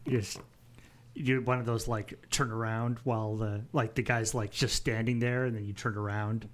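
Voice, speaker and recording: A man's voice: lowish voice, little pitch movement, normal speed. A man playing in a tabletop game, talking casually and building his point in loose, rambling bits. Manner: rambling, builds a thought with many "like"s. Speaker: player.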